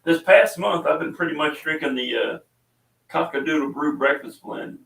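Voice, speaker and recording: A middle-aged man who hosts a podcast and sells coffee on a small scale leads a casual chat, rambling through stories with lots of ums and uhs. His gravelly, fairly bright voice is a little high and moves at a normal speed. He sits away from the mic, so the recording has a roomy echo.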